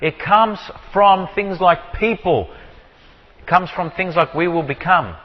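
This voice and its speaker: A man teaching from the Bible, explaining with repeated rhetorical questions and slowing down to stress key words. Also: high voice, big-room sound, muffled recording. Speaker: preacher.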